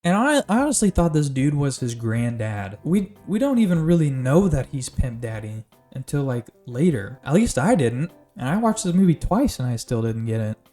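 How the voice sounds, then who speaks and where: A man's voice: medium pitch, very animated, moderate pace, few pauses, dark tone. A man recapping a movie in a casual way, with wry, sarcastic asides. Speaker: movie reviewer. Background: faint music.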